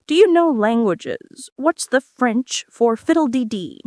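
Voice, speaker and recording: A woman's voice: a little high, big pitch swings, measured pace, darkish tone, no room sound, studio quality, voice pushed up. A woman voicing a bossy, self-important queen who lectures in a stiff, instructive way. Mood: lecturing.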